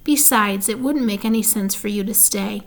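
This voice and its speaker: A woman reading a storybook aloud, voicing a wise, calm female spider who speaks quietly and gently. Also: mid-range voice, moderate pace, lightly acted. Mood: firm calm.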